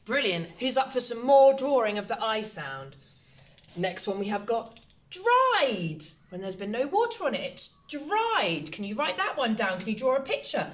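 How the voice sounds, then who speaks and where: A woman teacher, giving a slow, encouraging phonics lesson to young children and sounding out letters. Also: fairly high pitch, very animated. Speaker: primary school teacher. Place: home, recorded for online learning.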